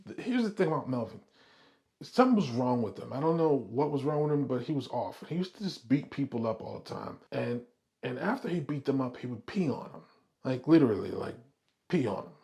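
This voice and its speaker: A man's voice: medium pitch, a little mellow. Middle-aged man telling a rambling story. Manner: rambling, profane, laughs often. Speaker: vlog host. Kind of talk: casual storytelling vlog.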